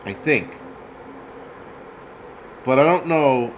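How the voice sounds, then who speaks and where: A man's voice: mid-range voice, expressive, drawn-out words, a little hiss or hum. A man hosting his own channel, ranting bluntly and profanely in casual commentary with many restarts. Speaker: channel host.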